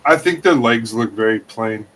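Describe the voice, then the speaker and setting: A man's voice: medium pitch, animated, normal speed, a bit bright, poor audio. Man, casual chat, short easygoing replies, faint background noise.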